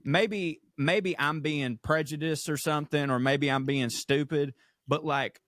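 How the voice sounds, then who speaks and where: A man's voice: on the high side, fairly even intonation, a little slow, fairly bright tone, no room sound, clean studio sound. A man from the American South co-hosting a podcast in loose, profane, chatty conversation. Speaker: podcast co-host. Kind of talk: casual chat.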